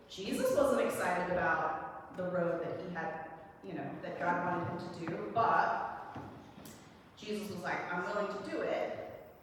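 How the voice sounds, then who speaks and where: A young woman preaching, telling a personal story in a casual, animated way with quoted dialogue. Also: mid-range voice, a little hiss or hum. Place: large church sanctuary. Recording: echoey church hall from a distance.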